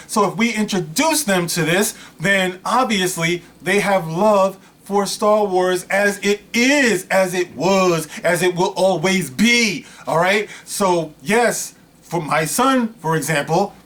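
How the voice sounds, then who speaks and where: A man's voice: sits high, a bit bright. A man hosting his own vlog, ranting in a casual, rambling way with lots of asides and storytelling. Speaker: vlog host. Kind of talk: casual rant to camera.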